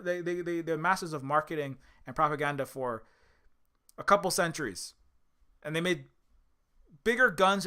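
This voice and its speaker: A man's voice: on the high side, sharp tone. A man, an indie game developer and streamer, giving a casual monologue in an impassioned, profane way with many restarts.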